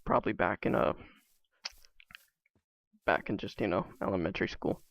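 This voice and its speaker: A man's voice: low voice, very animated, normal speed, vocal fry, dull audio. A man vlogging alone, telling stories in a casual, rambling way full of fillers and asides. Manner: rambling, many fillers, self-interrupting asides.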